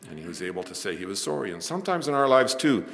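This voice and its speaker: An older man preaching a sermon, telling stories in a soft, earnest way. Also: fairly low pitch, big pitch swings, fast talker, gravelly. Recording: long hall reverb.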